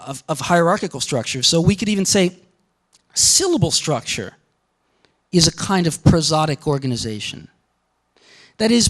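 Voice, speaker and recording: A man lecturing on linguistics to a class, thinking aloud with frequent restarts and fillers as he explains ideas. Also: sits high. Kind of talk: university lecture.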